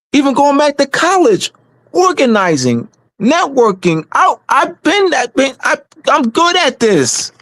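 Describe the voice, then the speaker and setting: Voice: no echo, studio quality. Emphatic, repetitive community organizer. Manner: emphatic and repetitive, stumbles and restarts; shifts between low, calm delivery and raised, shouting emphasis. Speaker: community organizer hosting a meeting. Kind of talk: unscripted livestream talk.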